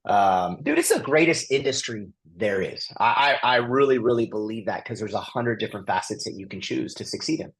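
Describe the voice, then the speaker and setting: A man's voice: lowish voice, animated, a little fast, few pauses, rough recording. Chatty, enthusiastic man as podcast guest. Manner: chatty and enthusiastic, acts out quoted conversations. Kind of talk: casual interview chat.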